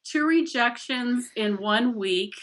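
Bright-voiced middle-aged woman telling stories. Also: on the high side, slow pace. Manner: animated storyteller, acts out quotes, laughs often. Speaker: author guest. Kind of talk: casual interview chat.

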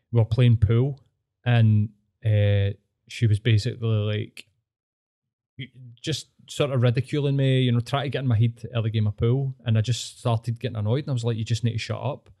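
A man's voice: mid-range voice, steady tone, moderate pace, warm tone. A man with a Scottish accent, hosting a casual podcast chat and telling blunt, sweary stories. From Scotland. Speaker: podcast host.

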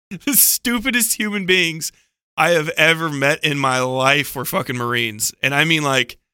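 On a book club podcast, a man with a fairly high voice tells a rambling, profane anecdote, speaking slowly with long pauses. His tone is pushed, bright and clean, and the recording is dry with clean studio sound. He laughs often, digresses, leans heavily on "like" and keeps correcting himself.

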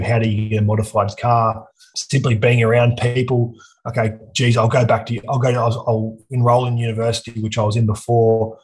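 A man's voice: fairly low pitch, poor audio. A young Australian man, a podcast guest, telling his story frankly with plenty of swearing in casual conversation.

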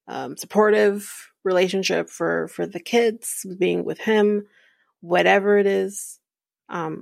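A woman hosting a podcast, casually recapping a reality show in a chatty, rambling way with fillers and soft laughs. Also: medium pitch, vocal fry, dry recording, studio quality. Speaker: podcast host.

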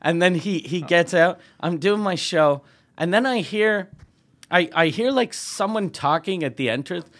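Man, podcast host, profane laughing anecdotes, slightly raised pitch. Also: expressive, measured pace, a bit bright. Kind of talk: casual storytelling chat.

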